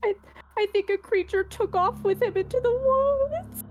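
A woman voicing a weeping village mother who speaks in a high, quavering voice. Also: normal speed. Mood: tearful.

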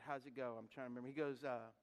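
A man's voice: medium pitch, fairly even intonation, very fast. A middle-aged man preaching a sermon, mixing humorous personal stories with rhetorical questions to the congregation and often repeating words as he builds up to a point. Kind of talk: sermon with storytelling.

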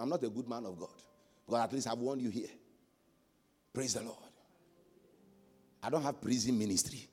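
A man preaching a sermon as pastor, swinging from quiet asides to loud shouted exhortation. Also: on the low side, husky.

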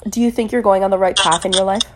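A woman's voice: mid-range voice, fairly even intonation, fast, background noise. A woman guesting on a podcast, chatting casually, teasing bluntly and swearing freely. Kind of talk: casual chat.

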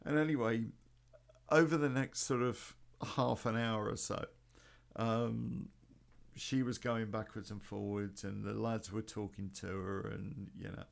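A man's voice: on the low side, steady tone, measured pace, gravelly. A man telling a rambling personal story in a casual, sweary way, full of ums and restarts. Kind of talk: casual spoken anecdote.

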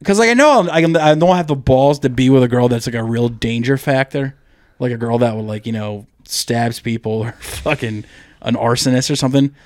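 A man's voice: mid-range voice, brisk, darkish tone, no echo, studio quality. A man co-hosting a podcast in crude, rambling comedic banter, swearing and laughing often. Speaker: podcast co-host.

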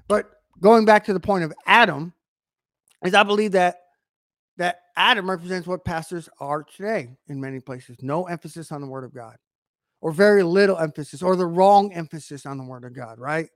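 A man's voice: sits high, dry recording, clean studio sound. A man preaching a conversational sermon, adding frequent asides and repeating phrases for emphasis.

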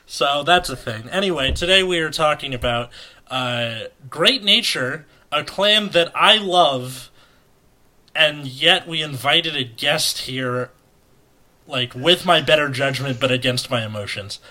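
A man hosts a casual podcast with a bright, forward tone. He jokes easily and keeps the chat animated. His voice sits a little high for a man. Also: unhurried. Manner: joking, animated delivery. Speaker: podcast host. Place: indoor room.

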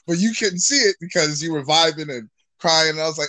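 A man's voice: on the high side, quick pace, few pauses, pushed and bright, no echo. A man hosting a casual interview, enthusiastic and affirming, who acts out his own reactions as he talks. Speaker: interview host.

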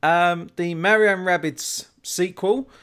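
A man's voice: high voice, steady tone, measured pace, fairly bright tone, smooth. A man hosting a casual podcast chat, rambling wryly and quoting others with sarcasm.

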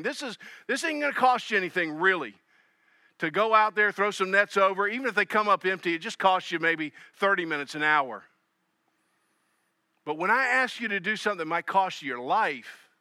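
A man preaching a sermon, acting out the voices of people in his text and swinging between loud emphasis and soft, low asides. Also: clear, resonant tone, no echo, clean studio sound. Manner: animated, acts out voices of Jesus and Peter.

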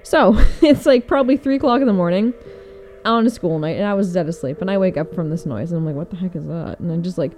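A woman's voice: lowish voice, lively intonation, fast talker, darkish tone, soft background music. A young woman casually telling a personal story, rambling with lots of fillers and frequent laughter. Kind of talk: casual chat.

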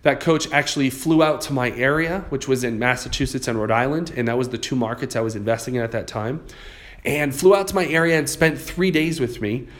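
A man of middling pitch telling a motivational story. He talks conversationally and loosely, doubling back and repeating words as he builds his point. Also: fairly quick, a bit bright. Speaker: real estate investor and public speaker.

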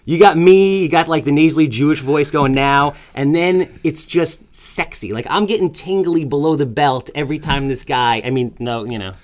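A man's voice: fairly high pitch, normal speed, few pauses. A man hosting a podcast, joking and self-mocking as he talks, running through promos and a guest introduction. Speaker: podcast host. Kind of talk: casual podcast chat.

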